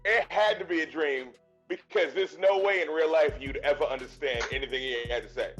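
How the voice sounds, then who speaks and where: A man's voice: a little high, brisk, fairly bright tone. Chill guy hosting a podcast, dry jokes, sound a bit dull and muffled, faint music. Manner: laid-back, dry jokes. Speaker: podcast host and comedian. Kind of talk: casual podcast chat.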